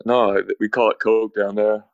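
A man's voice: fairly low pitch, level tone, moderate pace, dry recording, narrow, tinny audio. A young man in his twenties from Texas with a Texan accent, a guest talking in an easygoing, laid-back way. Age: 20s. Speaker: guest, pro basketball player. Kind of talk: casual interview chat.

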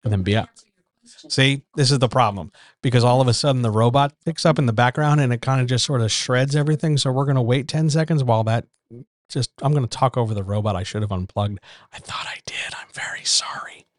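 A man's voice: medium pitch, fast talker. A man hosting a casual writers' chat from a small home room, bluntly lecturing with rhetorical questions. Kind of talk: casual advice monologue. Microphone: decent USB-style desk microphone.

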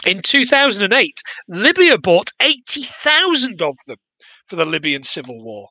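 A man co-hosting a podcast in casual chat, an animated, joking storyteller who swears and mocks himself. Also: sits high, moderate pace, no room sound, low-quality recording. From Glasgow area, Scotland. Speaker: podcast co-host reviewing a film.

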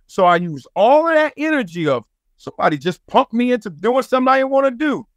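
A high-pitched man with a Southern California accent tells stories in a relaxed, animated way, laughing often and slipping into the voices of the people he quotes. He is a former football player looking back on his career. The sound is close and dry, with no room in it. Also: dry recording. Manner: animated, laughing storyteller who acts out quotes. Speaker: podcast guest, former NFL player and sports broadcaster. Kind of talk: casual storytelling interview.

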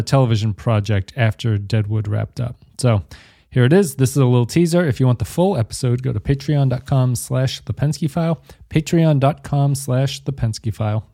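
A man's voice: medium pitch, dark tone. A man hosting a podcast, chatting casually and rambling, often correcting himself mid-sentence. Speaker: podcast host.

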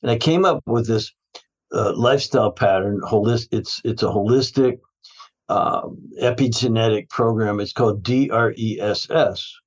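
A man's voice: lowish voice, normal speed, dull audio. A man who is a guest in a casual interview, telling stories about his health practice in a rambling way, often restarting his sentences and laughing.

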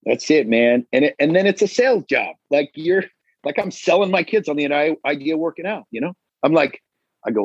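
A man's voice: fairly high pitch, lively intonation, a little fast, slightly rough, dry recording, muffled recording. A man talking as a podcast guest in casual chat, a firefighter and dad who acts out quoted voices and says dude and bro.

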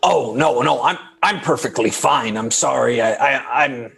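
A man speaking as his character in a tabletop game, halting and hesitant. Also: medium pitch, creaky, a bit bright, husky, soft background music. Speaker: player. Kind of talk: in-character tabletop role-play.

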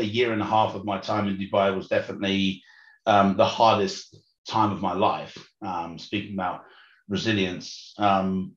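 A man in his thirties with a London accent and a faint Australian and South African twang talks chattily, with lots of ums and restarts. His low voice sounds roomy and a bit dull, as though recorded remotely in an echoey room. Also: fairly bright tone. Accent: British, London, with slight Australian and South African twang. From West London, England. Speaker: podcast guest. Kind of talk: conversational interview.

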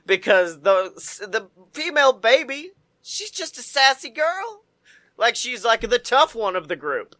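A man's voice: very high voice, a little slow. A man co-hosting a podcast, casually recapping a movie with crude jokes and frequent laughter. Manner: crude, laughing, animated storytelling. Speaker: podcast co-host. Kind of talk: casual movie review chat.

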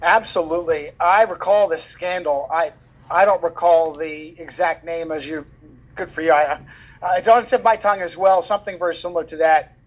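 A man with a notably high voice talks as a guest author in an interview. He speaks emphatically, often repeating words to drive his points home. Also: steady tone, a little fast. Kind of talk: animated conversational interview.

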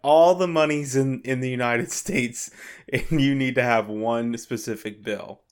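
A man's voice: medium pitch, measured pace, clean tone. A man co-hosting a podcast, joking in casual chat and laughing often. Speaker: podcast co-host.

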